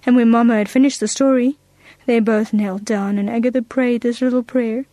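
Gentle woman reading a storybook. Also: fairly high pitch, moderate pace, no echo. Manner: gentle, expressive read-aloud.

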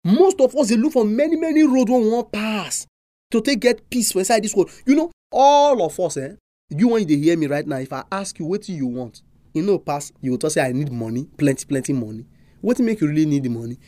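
A preacher with a Nigerian accent delivering a sermon, full of animated, emphatic rhetorical questions. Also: mid-range voice, fast talker, no room sound, clean studio sound.

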